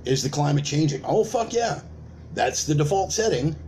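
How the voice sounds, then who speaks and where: Animated, profane ranting preacher man. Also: fairly high pitch, normal speed, slight background noise. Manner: profane, emphatic, uses repetition and rhetorical questions. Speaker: preacher of an online sermon. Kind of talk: ranting sermon.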